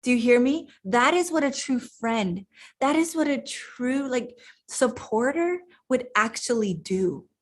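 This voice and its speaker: A woman's voice: a little high, lively intonation, measured pace. A middle-aged woman coach giving an emphatic motivational talk, repeating words and restarting her sentences. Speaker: life coach.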